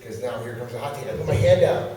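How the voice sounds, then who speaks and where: A man, a pro wrestler guest, telling an animated story and laughing as he goes, at a convention. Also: mid-range voice, fast, a little hiss or hum. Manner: lively, laughing as he tells the story. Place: large convention hall. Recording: echoey hall picked up from far off.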